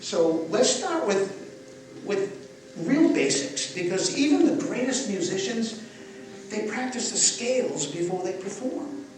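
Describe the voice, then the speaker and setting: A man's voice: sits high, slow, a little hiss or hum. Older man teaching breathwork, echoey far mic. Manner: animated, guiding the crowd through breathing. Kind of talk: live workshop talk to an audience. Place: live event venue.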